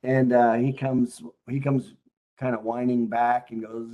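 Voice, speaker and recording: A man's voice: mid-range voice, little pitch movement, measured pace, warm tone. A man hosting a casual interview, a chiropractic consultant who asks leading questions in a coaching tone.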